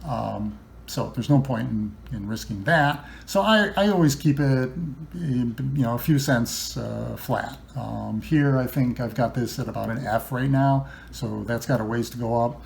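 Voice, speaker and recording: Chatty man with a gravelly edge, casual how-to, loose and rambling. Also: medium pitch, unhurried, a little mellow, slight background noise. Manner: chatty, loose, many ums and restarts. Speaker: guitar builder demonstrating setup. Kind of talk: casual instructional talk.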